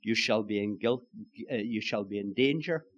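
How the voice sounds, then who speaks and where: A man preaching a sermon, moving between loud stresses and hushed, solemn phrases. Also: fairly low pitch, normal speed, highs cut off. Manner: old-fashioned preaching, swinging from loud emphasis to hushed.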